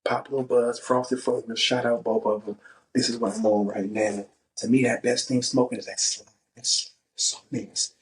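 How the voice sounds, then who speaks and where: A man's voice: medium pitch, little pitch movement, moderate pace, distant mic, rough recording. Man talking casually on a podcast. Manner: profane, emphatic, repeats "right?". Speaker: podcast host. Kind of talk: casual monologue.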